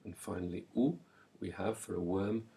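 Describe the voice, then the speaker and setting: A man teaching a recorded language lesson, slowly and clearly modelling words and pausing so the listener can repeat them. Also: low-pitched, warm tone. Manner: slow, clear modelling of words with pauses for repetition.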